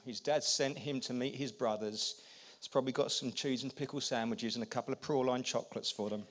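A man preaching a sermon, animated and acting out quotes, swinging between loud and quiet. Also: medium pitch.

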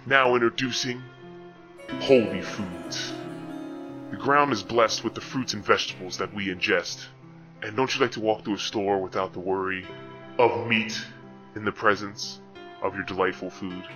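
A man voicing a salesy male announcer in a mock grocery commercial, drawing out his words slowly. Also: lowish voice, fairly even intonation, sharp tone. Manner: slow, salesy, drawn-out words. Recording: dull lo-fi sound with music.

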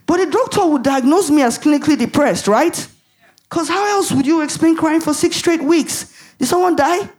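A woman's voice: high-pitched, moderate pace, a little mellow. A woman preaching a sermon in an emphatic way, asking the audience rhetorical questions and laughing at herself.

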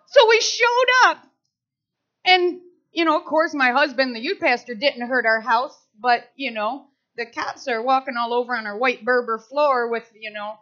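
A middle-aged woman giving a sermon, telling personal stories in an animated way and acting out the voices of people she quotes. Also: on the high side, normal speed. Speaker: speaker at church service. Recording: slightly dull lo-fi sound.

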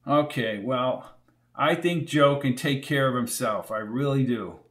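A male narrator voicing a calm, reassuring middle-aged man. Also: mid-range voice, measured pace, lightly acted.

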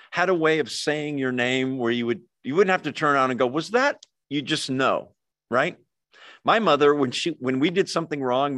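A man preaching a sermon as a pastor, swinging between emphatic lines and hushed ones. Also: a little high, dry recording.

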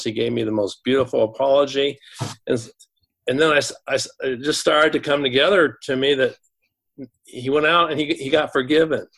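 Gravelly-voiced man telling a story. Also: mid-range voice, fairly bright tone. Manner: halting, repeats words, quotes students. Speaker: school administrator. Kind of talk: interview storytelling.

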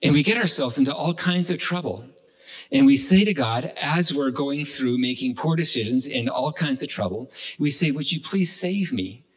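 A man's voice: mid-range voice, rough recording. A man preaching a sermon, retelling a fable with frequent restarts. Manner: halting, with many restarts and fillers. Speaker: pastor. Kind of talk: sermon storytelling.

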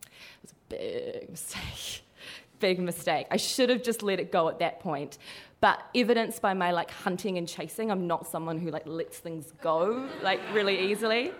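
Animated young woman telling a story. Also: on the low side, moderate pace. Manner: animated, laughing through the telling. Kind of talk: live storytelling.

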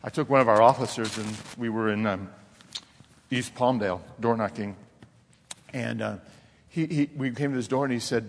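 Animated male pastor in echoing sanctuary. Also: medium pitch, moderate pace. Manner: animated storyteller, laughs often, drops to soft intense tones. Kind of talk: sermon with personal stories. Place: church sanctuary. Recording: long reverb of a church hall.

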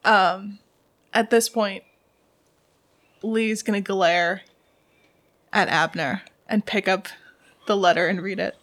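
A woman's voice: medium pitch, steady tone, slow pace, long pauses, fairly bright tone. A woman playing a character in a tabletop game, stating her character's actions plainly. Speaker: player. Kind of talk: tabletop game role-play.

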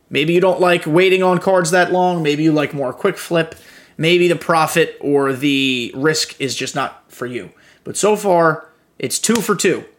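Young male podcast host with a slightly raised pitch, casual and profane gaming chatter. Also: fairly bright tone. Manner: loose and profane, with frequent fillers.

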